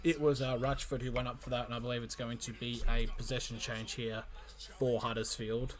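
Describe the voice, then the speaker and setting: A man calling a rugby league match live for his stream, in an amateur play-by-play style that jumps in excitement and often stumbles and corrects himself. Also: mid-range voice, fairly quick. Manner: excitable, frequent restarts and self-corrections.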